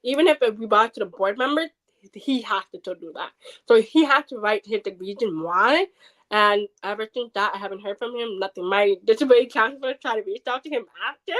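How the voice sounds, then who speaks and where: Speaking briskly in a slightly high voice over a rough recording, a hard-of-hearing woman shares a personal story as a podcast guest. She animatedly acts out the people she quotes.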